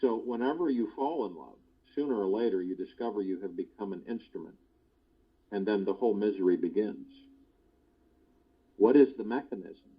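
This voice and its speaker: A man giving a spiritual discourse, slow and deliberate, often repeating his key phrases. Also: lowish voice, husky, highs cut off. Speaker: spiritual teacher.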